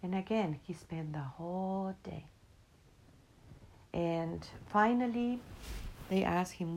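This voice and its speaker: Slow, gravelly woman storyteller. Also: on the low side, darkish tone, a little hiss or hum, rough recording. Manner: unhurried, reflective, non-native English grammar. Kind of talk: spiritual oral storytelling.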